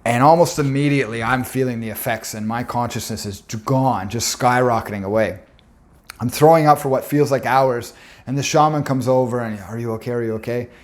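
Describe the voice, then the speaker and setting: A man's voice: medium pitch, fairly even intonation, a little fast. A young man telling a personal story in an earnest, intense way, often stopping to restart his words.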